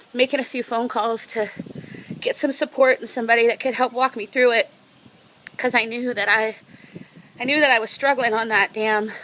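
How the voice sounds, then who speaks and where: Bright-voiced woman, heartfelt and rambling. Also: a little high, slight background noise, rough recording. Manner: heartfelt, rambling, self-correcting. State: tired after a half marathon. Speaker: vlogger. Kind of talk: emotional personal vlog. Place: outdoors on a lookout spot.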